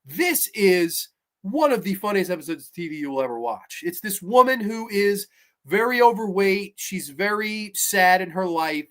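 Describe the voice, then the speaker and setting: A man with a fairly high voice hosts a casual horror review stream. He is excitable and profane, and he laughs as he retells plots. He chats loosely and reads viewer comments aloud. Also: normal speed. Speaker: horror show host and reviewer. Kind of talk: casual livestream review chat.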